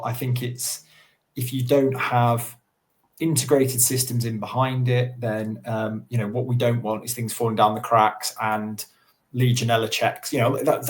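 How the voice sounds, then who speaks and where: A man's voice: medium pitch, a little mellow. Earnest man on a panel. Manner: earnest, with many restarts and "you know" fillers. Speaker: council estates lead. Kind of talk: webinar panel discussion.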